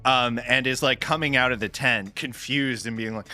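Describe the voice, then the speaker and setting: A man's voice: medium pitch, moderate pace, sharp tone, faint music behind. A man playing a tabletop game, hesitantly thinking aloud about his character. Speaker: player.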